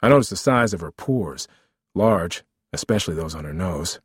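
A man's voice: low-pitched, lively intonation, moderate pace, breathy edge, dry recording, studio quality. A man reading a memoir aloud as narrator, with a wry, vivid storytelling manner.

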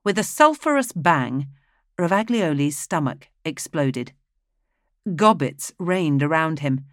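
Low-voiced woman narrating a story. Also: no echo, studio quality. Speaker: audiobook narrator. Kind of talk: scripted narration.

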